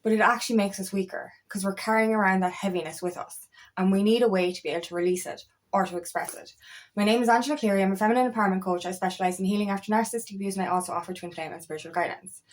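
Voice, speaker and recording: A woman's voice: medium pitch, steady tone, very fast. A woman working as an empowerment coach, speaking in a casual, motivational talk to camera. She is chatty and emphatic, repeats phrases, and swears now and then.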